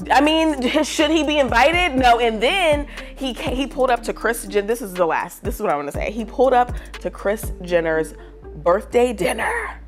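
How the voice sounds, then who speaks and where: A young woman chatting to camera about pop culture, her voice set at a middle pitch. She talks in a lively, slangy, dramatic way. Soft music plays faintly behind her. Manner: animated, slangy and dramatic, with many fillers. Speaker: vlogger giving pop culture opinions. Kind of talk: casual gossip chat to camera.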